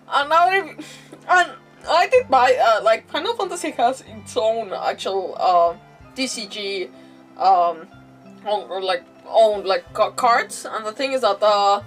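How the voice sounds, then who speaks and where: Giggly high-voiced woman streamer, rambling. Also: lively intonation, measured pace, recorded from a distance. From Mexico. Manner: rambling, giggly, many restarts and fillers. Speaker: gaming streamer. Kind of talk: casual stream chatter while playing. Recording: voice a bit off-mic, faint game music.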